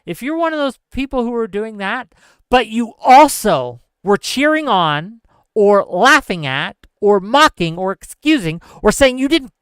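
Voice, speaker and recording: A man giving an impassioned political commentary monologue, earnest and lecturing, speaking straight to his audience in fast bursts with heavy repetition. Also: sits high, fairly bright tone, clean tone, no room sound. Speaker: political streamer.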